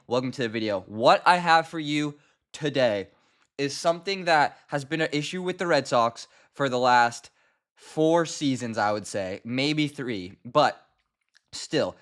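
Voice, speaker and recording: A man's voice: medium pitch, a bit bright. A young man hosting a fan sports channel, talking straight to camera in an exasperated, emphatic rant that keeps circling back to the same complaints. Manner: exasperated, emphatic, repeats himself. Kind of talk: casual ranting commentary.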